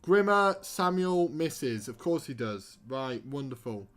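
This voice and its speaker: A man's voice: mid-range voice, very animated, slow, a bit bright, soft background music. A young man streaming a football manager game, commentating live with sarcastic, exasperated rants.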